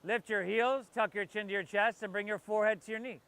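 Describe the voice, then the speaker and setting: Man, yoga instructor, high bright voice, jokey and loose between breath cues, class by the ocean. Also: fairly even intonation, fairly quick, clear, resonant tone. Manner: playful, joking asides between breath cues. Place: outdoors by the ocean.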